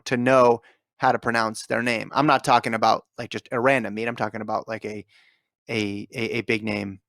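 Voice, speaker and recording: A man's voice: mid-range voice, fairly bright tone, no echo. A man from Nevada co-hosting a podcast and commentating, teasing and insistent in casual banter. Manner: teasing, insistent, laughs often.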